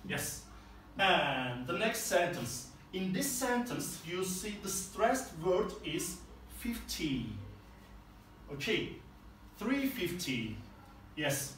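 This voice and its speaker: A male teacher with a fairly high voice walks through each exercise slowly and patiently. He is recorded from a distance in a very echoey room. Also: big pitch swings, a bit bright, a little hiss or hum. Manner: slow, explains step by step. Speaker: English teacher. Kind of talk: classroom lesson explanation.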